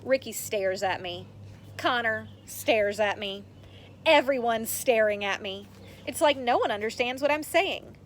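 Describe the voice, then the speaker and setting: A woman's voice: on the high side, unhurried, a little hiss or hum. A woman reading a children's chapter book aloud with expression, speaking to young listeners. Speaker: read-aloud host.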